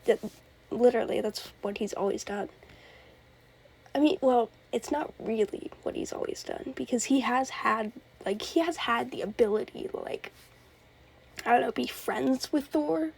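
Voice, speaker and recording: A woman's voice: on the high side, moderate pace, vocal fry, a little mellow, husky. A young woman hosting a casual fan commentary, chatty, laughing often and restarting her sentences. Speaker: host.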